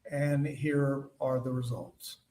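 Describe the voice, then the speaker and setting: A man's voice: mid-range voice, flat delivery, warm tone. Guy testifying in court, lots of you know and restarts, kinda far off the mic. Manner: halting storytelling, many fillers and restarts. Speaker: trial witness. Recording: roomy, distant courtroom mic.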